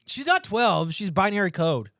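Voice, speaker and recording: A man's voice: sits high, very animated, moderate pace, fairly bright tone, no echo, clean studio sound. A man co-hosting a casual movie podcast, throwing in crude wisecracks and laughing often. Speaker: movie review podcast co-host. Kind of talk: casual comedic movie chat.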